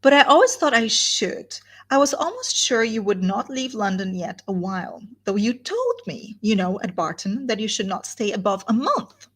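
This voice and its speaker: A falsely sweet young woman gushing with over-eager emphasis, as a woman reads her lines. The voice has a slightly husky, breathy edge, at a middling pitch. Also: big pitch swings, moderate pace, hardly any pauses, fairly bright tone.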